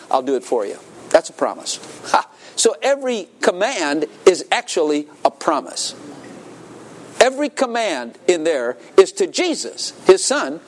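A man preaching a sermon as pastor, laughing often and calling out to his congregation for answers. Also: a little high. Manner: animated, laughing, calls for congregation responses. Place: church.

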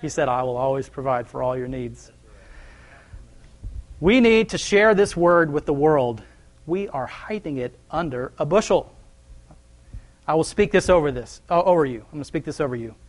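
Male lay preacher, casual folksy delivery, slightly higher voice. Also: expressive. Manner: conversational, folksy preaching with quick laughs. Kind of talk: sermon.

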